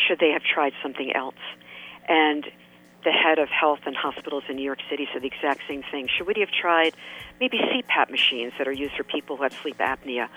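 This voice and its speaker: Musing man on a tinny phone line. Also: mid-range voice. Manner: musing, asks many rhetorical questions. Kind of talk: reflective talk radio monologue.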